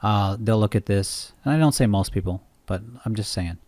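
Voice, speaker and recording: In an unscripted screen-share tutorial on trading, a man talks in a lowish, slightly mellow voice at a moderate pace. He wanders and cuts himself off often, frequently asking "right?" There's no room sound in the audio.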